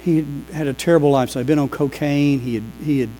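Animated man preaching a sermon. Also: on the high side, quick pace, a little hiss or hum, low-quality recording. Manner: animated, acts out quoted voices. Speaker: pastor. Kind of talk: sermon with storytelling.

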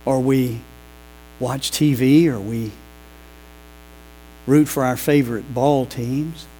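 A pastor preaching a sermon, telling lively stories and acting out the people in them. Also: male voice, medium pitch, takes it slowly, poor audio. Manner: animated, acts out quoted voices. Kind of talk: sermon with storytelling.

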